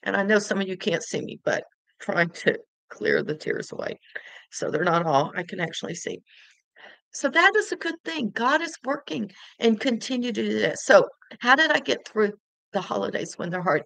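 A woman's voice: a little high, vocal fry, fairly bright tone, no room sound, low-quality recording. An older woman sharing an earnest, emotional faith testimony as a podcast host, tearful at times. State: crying.

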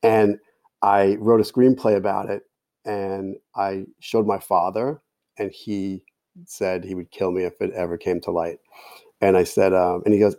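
A man's voice: fairly low pitch, fairly even intonation, normal speed, gravelly, dark tone, no room sound. A man telling a long personal story in casual talk, quoting others in his own voice. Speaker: podcast guest, storyteller.

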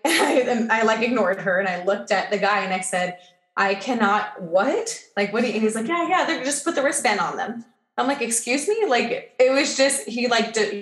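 Chatty woman telling a story, roomy echo. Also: medium pitch. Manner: animated, filler-heavy, acts out quoted dialogue. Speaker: guest. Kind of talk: casual storytelling in a podcast chat.

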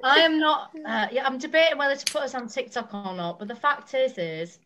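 A woman hosting a podcast, teasing her guests in quick banter. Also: high voice, sharp tone. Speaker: podcast host. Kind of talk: casual chat.

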